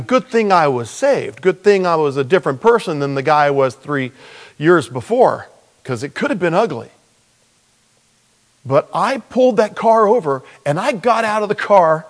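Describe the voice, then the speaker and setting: A middle-aged pastor with a slightly high voice, talking to his congregation like he's telling a story to friends. He chuckles along the way and drops to a hushed, low tone when he voices a prayer. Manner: conversational storytelling, drops soft and low for quoted prayers, laughs often. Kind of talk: sermon with personal story.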